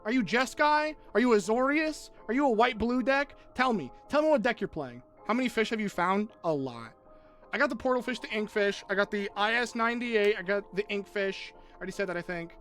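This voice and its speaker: High, animated male streamer. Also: brisk, faint music behind. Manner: animated, swearing, jokey, easily teary. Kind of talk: casual live-stream chat while gaming.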